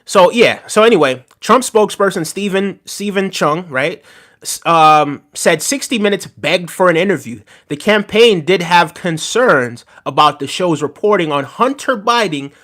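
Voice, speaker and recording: A man's voice: fairly high pitch, a bit bright. A man casually chatting on a live stream about politics, mocking and talking straight to his viewers' messages. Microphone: desk microphone.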